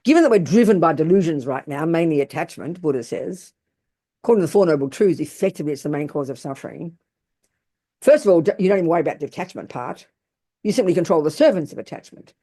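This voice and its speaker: A woman's voice: deep voice, expressive, fast talker, dark tone. A woman giving a Buddhist teaching to an audience, blunt, emphatic and colloquial. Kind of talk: Dharma talk to an audience.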